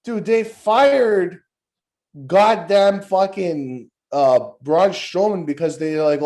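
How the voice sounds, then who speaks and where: A man's voice: high-pitched, takes it slowly. Ranting, foul-mouthed podcast host man. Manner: profane, rambling, animated ranting. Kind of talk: casual wrestling review chat.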